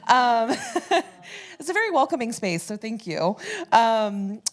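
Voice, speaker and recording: A woman from a community theater speaking off the cuff at a church service, emotional, halting and laughing between phrases as she thanks the congregation. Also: a little high, big pitch swings. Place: church sanctuary.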